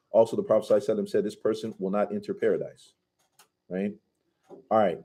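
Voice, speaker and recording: A man's voice: lowish voice, mellow. A man teaching a conversational scripture commentary class, casually asking his students questions and reciting Arabic passages.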